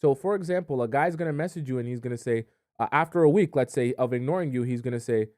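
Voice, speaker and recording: A man's voice: mid-range voice, quick pace, darkish tone, no echo, studio quality. A man coaching women on dating in a conversational advice monologue, checking in with the listener often. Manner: conversational, keeps checking in with "okay?" and "right?". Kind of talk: direct-to-camera advice monologue.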